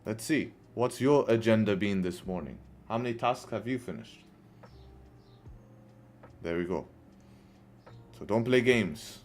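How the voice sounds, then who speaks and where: Chatty male forex streamer, low voice. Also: a little slow, long pauses, a little mellow, slight background noise. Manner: chatty, repeats "right?" and "guess what", banters with chat. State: tired, yawning. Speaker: livestream forex trader. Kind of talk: casual live trading commentary.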